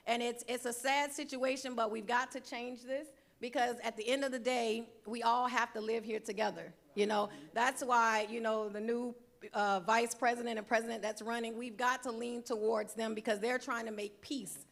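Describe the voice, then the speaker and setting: A woman guest on a talk show panel speaks in a reflective, conversational way. Her voice is fairly high and carries a gravelly texture. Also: little pitch movement, moderate pace. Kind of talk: casual panel discussion.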